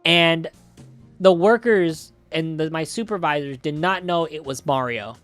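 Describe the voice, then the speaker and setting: A man streaming a game, telling a story in a loud, rambling, excitable way with swearing. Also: on the high side, unhurried, faint music behind. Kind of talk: casual storytelling while playing a game.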